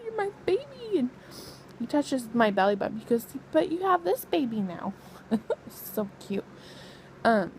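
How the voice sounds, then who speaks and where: Chatty pregnant woman with creaky voice. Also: mid-range voice, darkish tone, slight background noise, rough recording. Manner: chatty, rambling, laughs often. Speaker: vlogger. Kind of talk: casual pregnancy vlog chat. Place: lying in bed at home.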